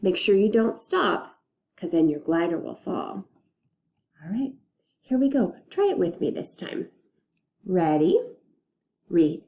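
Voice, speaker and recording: A woman teaching a recorded phonics lesson to young children, slowly and patiently sounding out letters and words. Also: fairly low pitch, big pitch swings, dark tone. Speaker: reading teacher.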